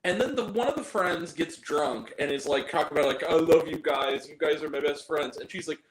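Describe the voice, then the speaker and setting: A man's voice: fairly high pitch, very animated, normal speed, few pauses, roomy sound, low-quality recording. Exasperated, ranting man reviewing a film. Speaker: movie reviewer. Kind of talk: casual spoken film review.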